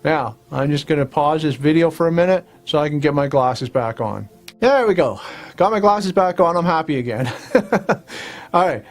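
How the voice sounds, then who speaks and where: A man with a slightly high voice leads a guided tapping lesson. He moves steadily from point to point, repeating short affirmation phrases in a relaxed, plain-spoken manner. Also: normal speed, faint music behind. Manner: repetitive instructional talk with affirmation phrases. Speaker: host and tapping practitioner.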